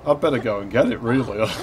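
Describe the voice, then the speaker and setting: A laid-back, sweary gaming host. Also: male voice, mid-range voice, moderate pace, slight background noise. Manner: chatty, laughing, swears freely. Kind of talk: casual gameplay commentary.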